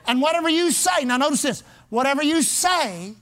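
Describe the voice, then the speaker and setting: A man with a strikingly high voice preaches a sermon. He pounds his points with repeated phrases in a steady pulpit cadence. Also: brisk, few pauses. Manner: emphatic, repetitive preaching cadence. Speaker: pastor.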